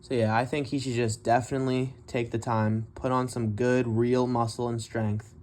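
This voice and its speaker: A man's voice: medium pitch, flat delivery, normal speed, a little mellow. A man giving casual, profane commentary on a fight, blunt and mocking as he rants. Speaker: MMA commentary vlogger.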